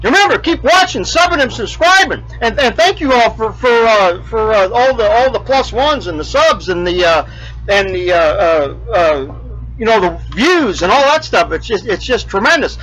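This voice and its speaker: This RV show host speaks at a normal speed in a high, expressive, slightly bright voice over a rough recording. His homemade show is loose and chatty, with a joke thrown in and plenty of fillers and false starts along the way.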